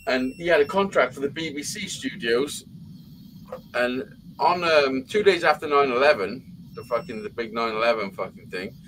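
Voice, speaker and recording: A man spinning long, rambling stories on a live chat show, cursing in nearly every sentence. His voice sits at an ordinary pitch, with faint noise behind it. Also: fairly bright tone, low-quality recording. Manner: swears constantly, rambling anecdotes. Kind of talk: casual profane storytelling.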